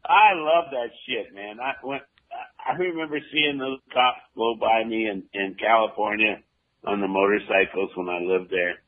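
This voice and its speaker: A man co-hosting a radio show, telling stories in a slow, drawn-out way with many fillers. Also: fairly low pitch. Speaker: radio co-host. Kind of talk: casual radio chat. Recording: tinny phone-like radio line.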